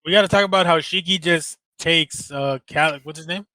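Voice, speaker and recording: A man co-hosting a casual podcast in a joking, slangy, laid-back way, with a bit of swearing. His voice is fairly high and very bright and forceful. It sounds dry and close, with almost no room around it. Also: normal speed, dry recording. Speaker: podcast co-host. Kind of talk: casual chat.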